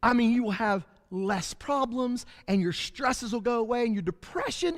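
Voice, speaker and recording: A man's voice: extremely high pitch, expressive, moderate pace, few pauses, in a large hall. A man teaching a Bible study lesson in a church, talking animatedly and acting out the voices of the people he describes. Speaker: preacher.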